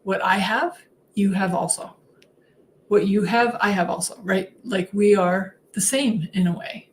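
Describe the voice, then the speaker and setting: A woman's voice: a little slow, a little hiss or hum. A woman hosting a spiritual livestream, telling her story casually and animatedly with frequent laughs. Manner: chatty, laughs often between sentences; animated, swings her voice up high when acting out her own replies.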